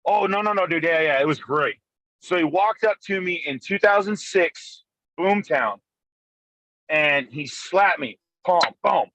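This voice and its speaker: A man telling a story over a phone call while driving, excitable and full of profanity. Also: a little high, measured pace, no echo. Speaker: podcast co-host. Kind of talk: casual storytelling chat. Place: in a car, driving.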